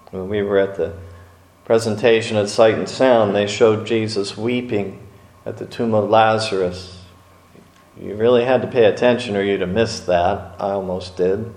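A man preaching a sermon, speaking slowly with dramatic pauses and acting out quotes from scripture stories. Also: lowish voice, a little mellow. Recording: echoey room.

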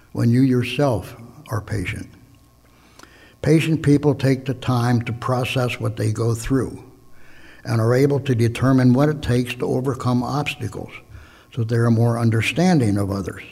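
A man preaching a sermon in a measured way, often stopping to correct himself. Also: mid-range voice, a little mellow. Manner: measured, slips and self-corrects, tells jokes.

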